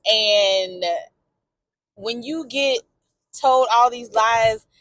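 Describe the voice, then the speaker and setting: Outspoken, high-voiced woman vlogging in a car. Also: very slow, fairly bright tone. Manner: emotional, talks back to the story, outspoken, swears. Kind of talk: candid personal vlog.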